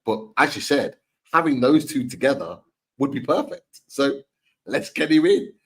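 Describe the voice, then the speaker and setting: Man, husky voice, podcast co-host, casual football chat, rambling. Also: medium pitch, lively intonation, moderate pace. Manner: rambling, repeats himself, fillers. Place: home, remote live stream. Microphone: video call mic.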